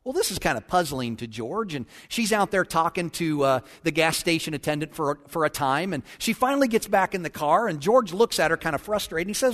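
A man's voice: a little high, expressive, a bit bright. Folksy male preacher in an echoing sanctuary. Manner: folksy and joking, with a solemn, slowed prayer voice. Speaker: pastor. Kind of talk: sermon. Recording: long church reverb.

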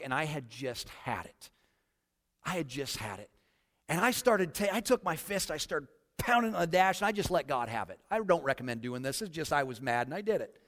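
A middle-aged man preaching a sermon as a pastor, telling a personal story and shifting between loud pleading prayers and hushed confession. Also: a little high. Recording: long hall reverb.

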